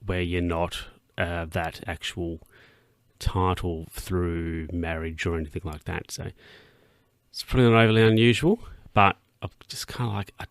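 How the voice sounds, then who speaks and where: A young podcast host talks alone in a rambling, self-interrupting way, chuckling, yawning at times, and speaking his own thoughts in a high mock voice. His voice is low with a gravelly fry, steady in tone and at normal speed. The sound is dry and close with no echo.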